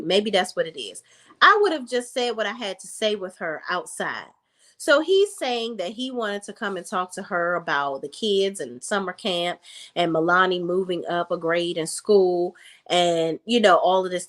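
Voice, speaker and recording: A woman giving a casual, sassy recap of a reality TV episode, telling the story in lively slang. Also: mid-range voice. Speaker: recap vlogger.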